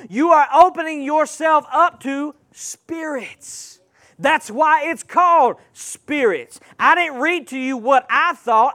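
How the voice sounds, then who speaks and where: A man's voice: very high-pitched, bright, forceful tone. A man preaching a sermon, emphatic and calling out to the congregation.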